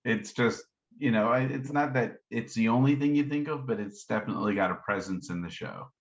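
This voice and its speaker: A man's voice: mid-range voice, a little fast. A man co-hosting a podcast in a laid-back way, mostly with short agreeing replies. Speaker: podcast co-host. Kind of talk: casual chat. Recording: dull lo-fi sound.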